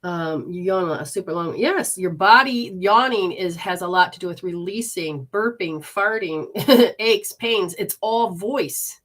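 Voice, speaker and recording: A woman's voice: lowish voice, fairly bright tone. A woman leading a live healing session and giving readings, soothing and coaxing with repeated instructions. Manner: talks to viewers and spirits, switches fast between voices.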